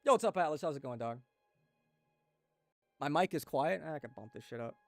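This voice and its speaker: Faint music plays under a slightly high, expressive male voice at an ordinary pace. The speaker is a young livestream host who rambles, swears and addresses his chat through a desk microphone with a compressor.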